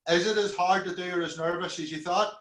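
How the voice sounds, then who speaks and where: A man with a Northern Irish accent hosting a casual interview over a video call, chatty and quick to laugh. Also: high voice, fairly even intonation, fairly bright tone. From Northern Ireland. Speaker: interviewer host. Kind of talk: casual online interview chat. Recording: echoey room.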